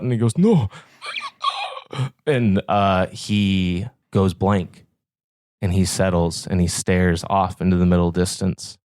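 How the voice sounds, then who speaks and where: A man narrating a tabletop game as game master with slow, descriptive scene-setting. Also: sits low, a little mellow, no room sound, clean studio sound.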